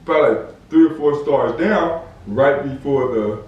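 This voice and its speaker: A man's voice: medium pitch, unhurried, recorded from a distance, lo-fi sound. A young man from Southern California, casually telling a story in slangy talk and acting out the quotes. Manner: animated, slangy, acts out quotes. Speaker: podcast host. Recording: echoey room, off-mic.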